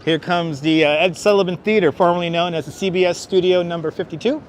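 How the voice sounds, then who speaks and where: With a high-pitched, steady voice and a quick pace, a Brooklyn-born man hosts a casual live street tour outdoors amid busy city traffic. He rambles chattily, cracks jokes, and reads viewers' chat questions out loud to answer them. Audio comes from a wireless clip-on mic, with his phone on a gimbal, and carries slight background noise.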